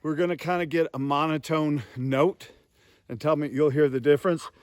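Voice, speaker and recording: A man's voice: fairly high pitch, fairly even intonation, moderate pace, slight background noise. A man teaching goose calling step by step, voicing honks and clucks to show the technique. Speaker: goose call instructor. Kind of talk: instructional demonstration.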